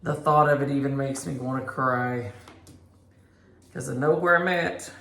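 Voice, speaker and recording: Gravelly, low-voiced chatty woman. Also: unhurried, fairly bright tone. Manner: rambling, chatty, talks to her cats between thoughts. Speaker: cross-stitch vlogger. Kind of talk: casual chat. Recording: echoey room.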